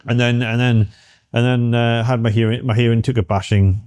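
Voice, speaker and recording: A middle-aged man from the UK, speaking earnestly and haltingly as an interview guest, with many restarts. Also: mid-range voice, level tone, darkish tone, smooth, no echo. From United Kingdom. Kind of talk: candid personal interview.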